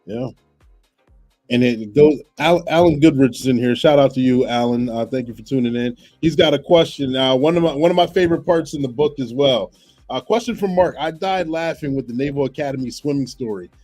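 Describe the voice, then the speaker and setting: A male podcast host who casually reads out viewer questions and gives viewers shout-outs. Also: medium pitch, a little fast, faint music behind. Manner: laid-back, chuckling, shouts out viewers. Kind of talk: casual interview hosting, reading viewer questions.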